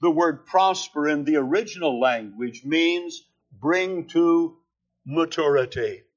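A man preaching a sermon, slow and deliberate, leaning hard on key words. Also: on the high side, muffled recording. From California.

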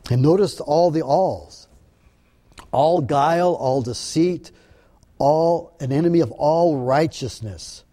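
Mellow-voiced man teaching scripture. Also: fairly high pitch. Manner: earnest, halting with repeated restarts. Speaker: preacher. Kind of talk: sermon-style Bible teaching.

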